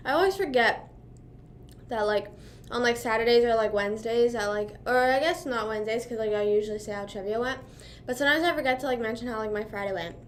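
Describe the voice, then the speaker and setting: A woman's voice: a little high, quick pace, a little hiss or hum. A young woman from Pennsylvania chatting casually on a livestream, rambling with lots of "like" and "you know what I mean," sometimes talking while chewing. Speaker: streamer.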